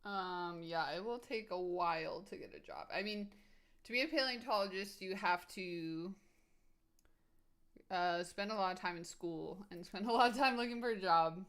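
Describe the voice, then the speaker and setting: A woman with a voice pitched a little low chats loosely with her viewers during a live stream. She talks in an eager, rambling way, filling gaps with "like" and "um" and laughing easily. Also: normal speed, a bit bright. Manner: rambling, filler-heavy with frequent "like" and "um". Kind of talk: casual live-stream chat answering viewers.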